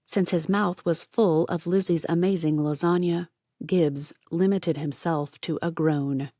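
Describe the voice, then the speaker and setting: A woman narrating an audiobook with an even, measured storytelling delivery on a close mic. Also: lowish voice, no room sound. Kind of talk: scripted narration.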